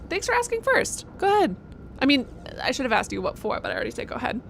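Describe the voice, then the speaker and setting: Playing a game and chatting with viewers, this young woman streamer offers casual, exasperated commentary in an expressive, fairly high voice that runs a little fast. The recording carries noticeable background noise.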